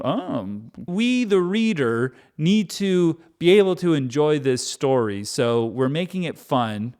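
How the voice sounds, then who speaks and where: A man's voice: a little high, clean tone. A man reading scripture aloud and breaking off into wry, chatty, joking commentary. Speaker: Bible reader and commentator.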